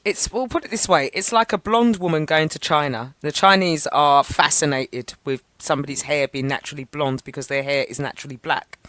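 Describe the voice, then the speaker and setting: A woman co-hosting a radio show, telling stories in an animated, chatty way. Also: low voice, a little fast, few pauses, no room sound. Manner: animated, chatty storytelling with laughs. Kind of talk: casual radio chat. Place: radio studio.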